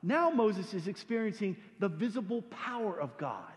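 Male pastor, high and very expressive voice, joking sermon delivery with stuttered restarts, reverberant church hall. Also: moderate pace. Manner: animated, joking, repeats words when starting sentences.

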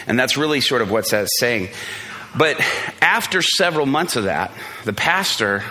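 Bright-voiced storytelling male pastor. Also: medium pitch, expressive, moderate pace. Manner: storytelling, joking, self-deprecating, many fillers and restarts. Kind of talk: sermon.

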